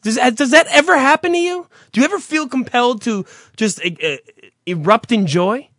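Comic radio host, a man who heckles and swears; high, animated, dry close sound. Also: brisk, no room sound. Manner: teasing, heckling, swears freely. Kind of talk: comedic radio banter.

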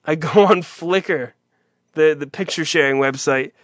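A man's voice: fairly high pitch, a little slow, dry recording, studio quality. A man hosting a talk show, telling a long, profane, rambling story in exasperation. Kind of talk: profane comedic rant.

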